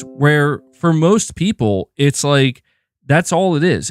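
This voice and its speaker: A man hosting a casual gaming livestream, ranting in a loose, animated way with lots of filler words and free swearing. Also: medium pitch, dry recording, clean studio sound. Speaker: gaming podcast host.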